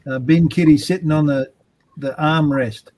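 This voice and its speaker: A man's voice: on the high side, steady tone, normal speed, darkish tone. A man, chatting as a guest, easygoing and self-deprecating. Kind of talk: casual group chat.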